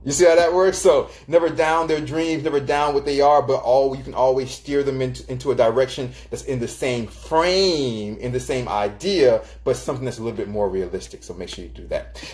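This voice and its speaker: A man hosting a live stream in a loose, chatty way, offering relationship tips. His voice sits in an ordinary middle pitch, and he keeps stopping to greet viewers by name. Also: a little mellow. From Florida, United States. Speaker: live stream host giving relationship advice. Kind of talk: casual live-stream talk.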